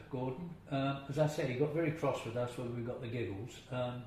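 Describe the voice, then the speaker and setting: An older man, interviewed in a very echoey room with faint hiss, reminisces in a chatty way about his acting days, chuckling and sometimes imitating voices. His medium-pitched voice has a darkish tone and a steady, brisk delivery.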